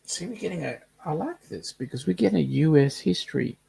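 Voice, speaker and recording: A man's voice: on the high side, animated, fairly quick, vocal fry, mellow, breathy edge. An Australian man co-hosting a casual live chat, reading viewer comments aloud and joking. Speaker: co-host of a live chat stream.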